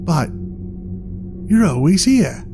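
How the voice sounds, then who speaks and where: A man's voice: a little high, sing-song, slow pace, gravelly, music in the background, pitched above the performer's own voice, heavily acted. A man voicing a scheming, suspicious sailor in a brusque, everyday voice.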